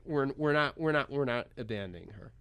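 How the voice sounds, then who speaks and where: Male guest, American, mid-range voice; animated, chatty raconteur for a radio interview. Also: mid-range voice, fairly quick, vocal fry, clear, resonant tone. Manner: animated, chatty, laughs while telling the story. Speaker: poker pro guest. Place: radio studio.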